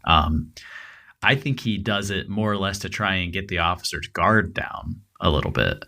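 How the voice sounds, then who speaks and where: A man's voice: low-pitched, expressive, moderate pace, creaky, bright, forceful tone. A man co-hosting a true-crime podcast, talking casually and rambling with lots of fillers and restarts. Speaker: podcast co-host.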